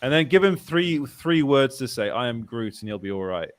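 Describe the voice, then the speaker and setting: A man's voice: mid-range voice, fairly quick, no room sound. A man co-hosting a casual live show, ranting, stammering and laughing often. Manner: animated ranting with frequent laughter, stammering restarts. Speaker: co-host.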